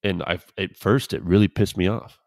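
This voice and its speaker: Low-voiced former pitcher telling stories. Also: male voice, steady tone, moderate pace, dry recording, clean studio sound. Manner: laid-back, rambling anecdotes with quoted dialogue. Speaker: podcast co-host, former pro pitcher. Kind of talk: casual storytelling chat.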